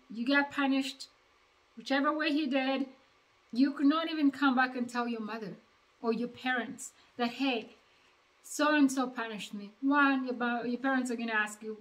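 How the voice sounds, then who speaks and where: Mom vlogging, bit high voice, chatty, acts out the convo as she goes. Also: low-quality recording. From Uganda. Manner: chatty, animated retelling with quoted dialogue. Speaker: vlogger, mother of two. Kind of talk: casual storytelling to camera.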